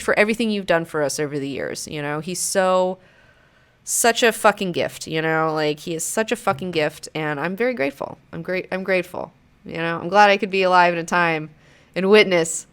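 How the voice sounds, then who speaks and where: A woman in her thirties talks through her show in a loose, rambling chat that is peppered with swearing. Her voice sits a little low and sounds smooth and clean. Every so often she jumps up high to mimic someone in a mocking tone. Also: fairly quick. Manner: rambling and profane, with mocking high-pitched quotes. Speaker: show host. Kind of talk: casual chat.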